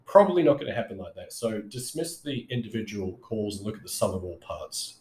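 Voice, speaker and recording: A man with a lowish voice coaches listeners on sales calls in a loose, chatty way. He wanders through fillers and restarts, and now and then slides his pitch up or down to show a tone. The room around him is echoey and reverberant. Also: big pitch swings, fairly quick, few pauses, darkish tone. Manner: conversational, rambling with frequent fillers and self-corrections; demonstrates vocal tones with shifts in pitch. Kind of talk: casual advice monologue.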